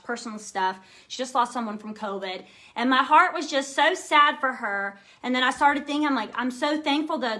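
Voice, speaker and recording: Peppy young woman pep-talking her sales team live, keeps saying okay?, bright and a bit high. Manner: upbeat, emphatic, peppered with "okay?" and "right?".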